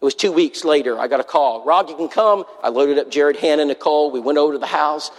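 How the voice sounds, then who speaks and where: A man preaches to a congregation, telling a personal story with earnest feeling. His voice sits a touch high for a man. The sound rings with the long reverb of a large church hall. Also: steady tone, quick pace, a little mellow. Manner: earnest, acts out quoted voices. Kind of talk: sermon storytelling.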